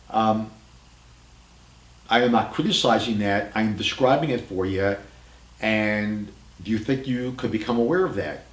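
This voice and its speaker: Slow, measured man in an echoey room. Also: lowish voice. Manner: slow, measured, deliberate, with long pauses. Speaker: podcast host. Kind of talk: calm reflective monologue.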